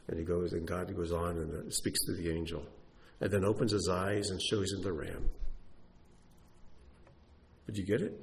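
A man's voice: deep voice, moderate pace, gravelly, long pauses. A man preaching a sermon who tells stories with emphasis and asks rhetorical questions.

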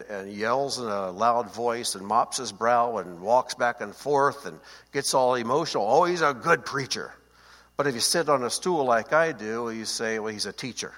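A man's voice: medium pitch, fairly bright tone. A man giving a conversational Bible teaching, often checking that his listeners follow. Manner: conversational, asks listeners to confirm. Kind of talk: seated Bible teaching talk. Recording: long hall reverb.

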